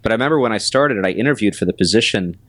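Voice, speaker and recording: A man with a very low, deep voice talks through his career as a guest on an interview podcast. He speaks in a measured, halting way, with plenty of pauses and restarts. The sound is dry and close. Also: expressive, fairly bright tone, no echo. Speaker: restaurant general manager, guest. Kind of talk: casual interview talk.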